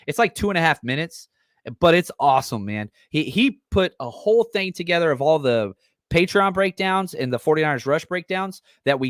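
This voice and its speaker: A man's voice: on the high side, no room sound, clean studio sound. A man hosting a sports podcast in a casual, enthusiastic way, with many ums and uhs. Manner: enthusiastic, excitable, loose with fillers. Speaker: podcast host.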